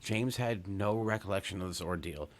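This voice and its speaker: A man's voice: sits low, moderate pace. A man, hosting a podcast and telling a story casually, rambling and cursing, with many fillers and restarts. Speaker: podcast host.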